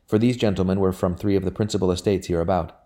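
A man reading a historical novel aloud as an audiobook narrator, in a measured, even storytelling manner. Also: low-pitched. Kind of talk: scripted narration.

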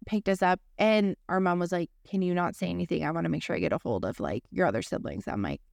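A woman's voice: on the low side, expressive, fast talker, creaky, a little mellow, dry recording, clean studio sound. Frank, profane woman telling a story. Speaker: podcast co-host. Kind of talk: casual conversation.

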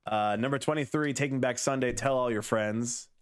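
A man's voice: medium pitch, normal speed, clean tone. A man in his thirties co-hosting a podcast, rambling and wry with lots of fillers. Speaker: podcast co-host. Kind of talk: casual chat.

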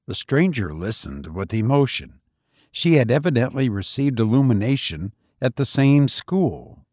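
Slow, measured male story narrator. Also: mid-range voice, sing-song, a little mellow, dry recording, studio quality. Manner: measured, deliberate delivery. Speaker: podcast host and narrator. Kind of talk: scripted story reading.

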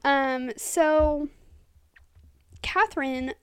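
A woman co-hosting a podcast in casual chat, talking fast and excitedly. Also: sits high, dry recording, studio quality. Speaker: podcast co-host.

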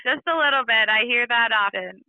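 A woman's voice: a little high, moderate pace, narrow, tinny audio, crowd noise. A woman from Minnesota with a Minnesota accent, speaking as a guest on a podcast call in a friendly, chatty way with many ums and easy laughs. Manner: friendly, laughs easily, fillers like um. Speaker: marketing manager guest. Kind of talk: casual interview chat.

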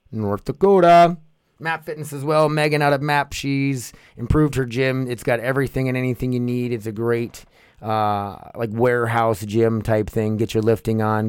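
A man talks loosely and goofily, dropping swear words as he rambles through his podcast. His voice sits at a middle pitch. It is recorded dry and close, with no room sound. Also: clear, resonant tone, no room sound. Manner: rambling, profane, goofy. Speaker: podcast host. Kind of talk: casual podcast monologue.

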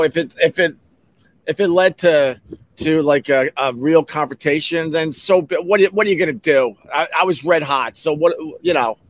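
A man hosting a podcast, telling personal stories in a casual, heated way that jumps up in pitch when he gets riled. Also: fairly bright tone. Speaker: podcast host. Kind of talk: casual storytelling monologue.

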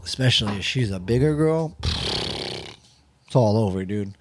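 A man's voice: on the low side, moderate pace, slight background noise. Foul-mouthed young man on a podcast. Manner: animated storytelling, swears a lot. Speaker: podcast host. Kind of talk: crude casual podcast banter.

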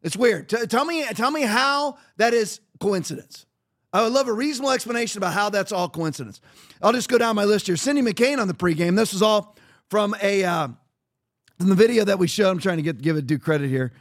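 A middle-aged man with a high-pitched voice hosts a podcast, delivering political commentary. He talks in an emphatic, repetitive way, leaning on sarcasm to make his points. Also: expressive, brisk. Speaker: podcast host.

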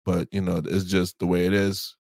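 A man co-hosting a casual podcast chat about marriage, a relaxed storyteller who acts out past conversations. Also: sits low, normal speed, gravelly, no room sound. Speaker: podcast co-host.

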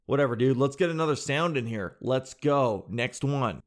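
A man's voice: mid-range voice, moderate pace. A man hosting a reaction video, talking casually and animatedly to his viewers and laughing often. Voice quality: animated, laughing, addresses viewers as guys and dude.

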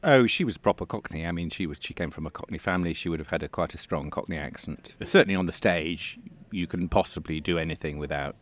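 Deep-voiced man, chatty interview guest. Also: fast, hardly any pauses. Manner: chatty, with easy laughs and restarts. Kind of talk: conversational interview.

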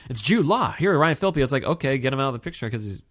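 A man's voice: mid-range voice, animated, fast talker. A man co-hosting a casual movie review chat, rambling with many restarts and fillers.

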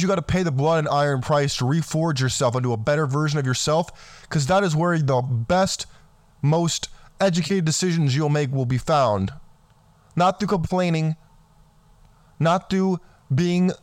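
A man's voice: on the high side, no room sound. A man from the United States giving a blunt, scornful motivational rant as a vlogger, often saying "my friends".

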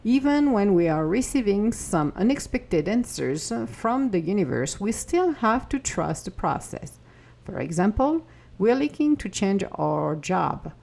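Gravelly, husky-voiced woman hosting a spiritual podcast. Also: mid-range voice, big pitch swings, a little slow, a little mellow. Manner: earnest, encouraging, slips into acted inner-voice quotes. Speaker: podcast host. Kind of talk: reflective spiritual podcast talk.

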